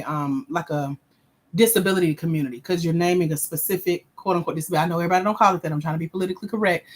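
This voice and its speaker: A woman hosting a livestream as a grant coach, reading viewer comments aloud and giving blunt, sassy feedback in casual slang. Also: on the low side.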